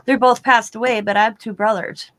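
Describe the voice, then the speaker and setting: A woman's voice: on the high side, steady tone, a little fast, fairly bright tone, slight background noise. A woman chatting casually on a live online show, rambling through long personal stories and acting out the back-and-forth dialogue in her own voice. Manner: rambling, acts out quoted dialogue in plain voice. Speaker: guest in a live online chat. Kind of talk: casual storytelling chat.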